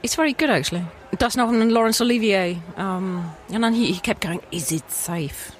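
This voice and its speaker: A woman's voice: a little high, fast talker. A woman co-hosting a casual podcast chat, hesitant with ums and dry teasing. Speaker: podcast co-host.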